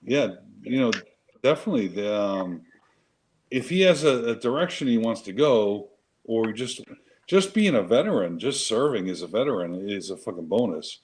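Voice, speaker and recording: Low-voiced man cursing his way through stories. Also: animated, moderate pace, darkish tone, poor audio. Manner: profane, emphatic, rambling with restarts. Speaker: show co-host, Marine veteran. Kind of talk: casual chat, storytelling.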